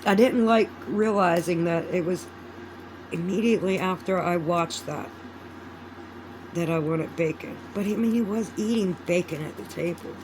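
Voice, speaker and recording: A woman's voice: fairly low pitch, moderate pace, a little mellow, a little hiss or hum, rough recording. A woman vlogging in a casual, rambling chat. She swears freely and loses her train of thought.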